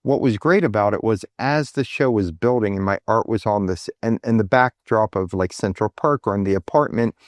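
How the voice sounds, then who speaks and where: A man in his fifties, a guest in a casual interview, telling stories in a halting way with many fillers and restarts. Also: dry recording, studio quality. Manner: animated, acts out quoted speech with lifted pitch. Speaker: guest artist.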